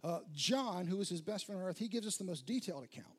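A man's voice: high-pitched, expressive, fast talker, slightly rough. A male pastor preaching a sermon in a conversational storytelling way, with emphatic repeated phrases.

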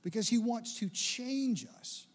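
A man preaching a sermon in an animated way, with playful asides and acted-out quotes. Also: very high voice, a little slow. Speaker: pastor.

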